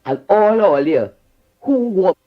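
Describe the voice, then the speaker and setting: On a call-in show, a caller with a Trinidadian accent scolds fervently, repeating phrases in an impassioned rant. The voice is medium-pitched and slow with lively intonation, heard through a dull, lo-fi phone line.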